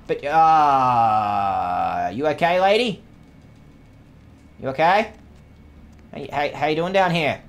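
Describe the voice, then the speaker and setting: Excitable swearing woman gaming. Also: deep voice, takes it slowly. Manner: swears a lot, jumpy, giggly outbursts. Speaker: gaming streamer. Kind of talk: let's-play commentary. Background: game music.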